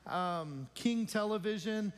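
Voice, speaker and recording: Chatty male pastor with a high voice, joking with his congregation during church announcements. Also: animated, slow, clean tone, soft background music. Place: church sanctuary.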